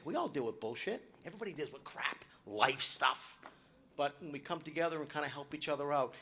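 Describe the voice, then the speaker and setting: A middle-aged man doing loud, animated, swearing stand-up storytelling at a club show. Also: on the high side, fast talker. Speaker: stand-up comedian. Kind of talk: live stand-up comedy. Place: club event hall with live audience.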